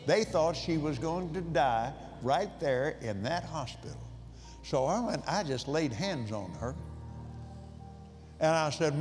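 A man preaching slowly and from the heart, stumbling over and repeating words as he tells a story. His voice sits fairly high for a man. It rings out with a long reverb across a large convention hall, with faint music underneath. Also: lively intonation, darkish tone. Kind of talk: sermon with personal storytelling.

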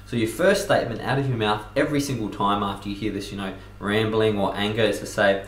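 A man with a lowish voice gives energetic self-help advice straight to the viewer. He leans hard on key words and now and then acts out what other people say. The sound bounces around a roomy, echoey space. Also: fast, a little hiss or hum. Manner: energetic, emphatic, acts out customer quotes. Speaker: self-improvement coach. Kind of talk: talking-head advice video. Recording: echoey room.

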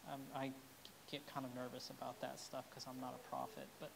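A woman's voice: very deep voice, monotone, a little fast, vocal fry, background noise. Earnest, emotional woman pastor preaching. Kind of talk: sermon.

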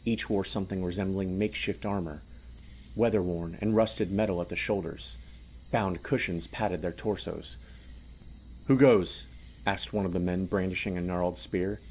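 A man narrating an audio drama in a measured, storytelling delivery. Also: sits low, fairly even intonation, a little hiss or hum. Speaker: narrator and producer.

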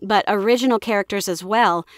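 Brief: enthusiastic young voice actress, dry close-mic sound, mid-range pitch. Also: female voice, brisk, no echo. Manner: enthusiastic, animated, often slips into voices. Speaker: voice actress guest. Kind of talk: casual interview chat.

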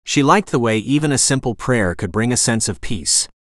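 Reading a romantic suspense novel for an audiobook, the male narrator tells the story evenly and steadily in a mid-range voice at a moderate pace. It's scripted narration, recorded dry with studio quality.

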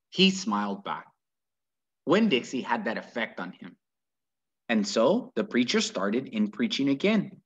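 Male reader, children's book read-aloud, husky, dull lo-fi recording. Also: mid-range voice. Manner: very lively, animated storytelling.

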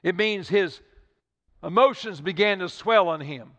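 High bright-voiced older pastor. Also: male voice, a little slow. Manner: preaching with Southern-style repetition and stammered restarts. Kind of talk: sermon. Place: church sanctuary. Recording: dull livestream audio with long hall reverb.

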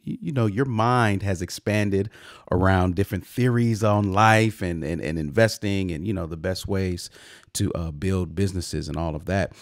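A man's voice: low-pitched, dry recording, clean studio sound. A man hosting a podcast interview, talking in an effusive, casual way with many repeated words and restarts. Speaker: podcast host.

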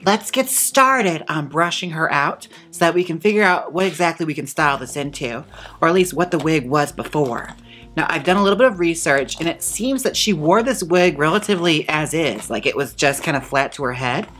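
A man's voice: a little high, expressive, fairly quick, bright, forceful tone, faint music behind. A man hosting a wig-styling video in a playful, campy, chatty way. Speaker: wig stylist and channel host. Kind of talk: casual tutorial chat.

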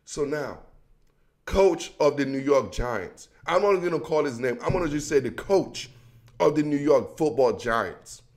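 Man, high-pitched, heated sports rant, slangy, talks straight to viewers. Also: animated, unhurried. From Washington DC area. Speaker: sports commentary host.

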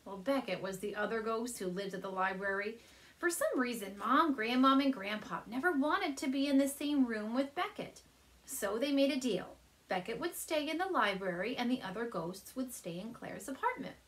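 Animated woman reading aloud to kids. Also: fairly high pitch, moderate pace. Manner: gentle, animated storyteller addressing kids. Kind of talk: children's read-aloud. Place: home, on a couch.

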